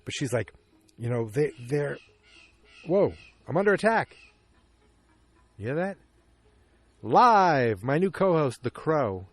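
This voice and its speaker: A man hosting a podcast, recapping an episode in casual chat from his backyard, acting out the characters' lines in quick changing voices. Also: medium pitch, big pitch swings. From Massachusetts. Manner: chatty, acts out character lines with quick voice shifts. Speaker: podcast host. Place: outdoors in a backyard.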